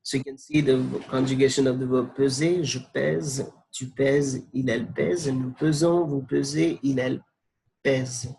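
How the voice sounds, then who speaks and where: A man's voice: medium pitch, steady tone, gravelly, a little mellow, rough recording. A man teaching French verb conjugation from slides, patient and repetitive, spelling out letters. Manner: slow, patient, spells out letters and repeats forms. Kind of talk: slide-based grammar lesson.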